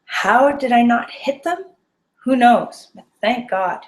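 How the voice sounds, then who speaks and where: Speaking slowly and expressively in a fairly high voice, a woman shares a personal story with an audience. She is earnest and vivid, sinking to a whisper when things get tense, and the room is echoey.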